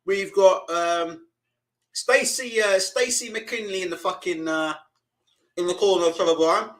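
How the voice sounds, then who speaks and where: A young man with a fairly high voice chats casually over a live boxing stream. He rambles, swears freely and reads viewers' comments aloud between bits of commentary. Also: unhurried, fairly bright tone, poor audio.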